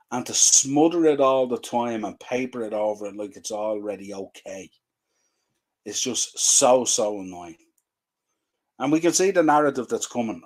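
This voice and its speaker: A man, hosting a fan show and ranting in frustration with repeated rhetorical questions. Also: medium pitch. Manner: exasperated, repetitive rhetorical questions. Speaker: fan podcast host.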